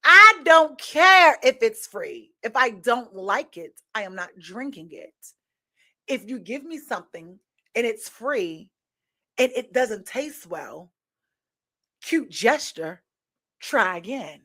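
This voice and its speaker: Animated high-voiced woman hosting talk. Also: takes it slowly. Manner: animated storytelling, frequent rhetorical "right?" and laughter. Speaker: podcast host. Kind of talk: candid opinion talk addressing viewers.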